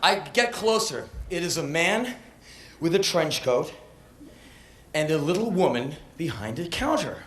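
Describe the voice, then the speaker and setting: A man in his thirties performing a comedic spoken word monologue on stage, breathless and swinging from deadpan to yelling. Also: fairly high pitch, measured pace, a little hiss or hum. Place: live stage. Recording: echoey live venue on old VHS.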